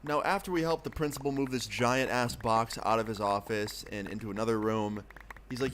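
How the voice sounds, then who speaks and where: A young adult man streamer telling a story in a casual, profane, animated way, with a noisy background of keyboard clicks. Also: medium pitch, brisk.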